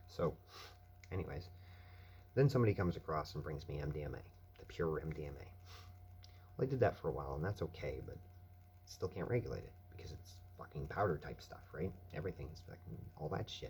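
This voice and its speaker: A man's voice: rumbling low, animated, a little fast, darkish tone, a little hiss or hum. A man ranting bluntly and with plenty of profanity in a casual monologue at his night-shift workplace. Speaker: vlogger. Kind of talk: casual rant.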